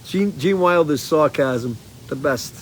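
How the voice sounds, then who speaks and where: A man's voice: fairly high pitch, slow, a little hiss or hum, low-quality recording. A man hosting a casual live stream from a porch, rambling and swearing while he tells stories, a little stoned. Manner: rambling, profane, animated storytelling. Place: outdoors on a porch.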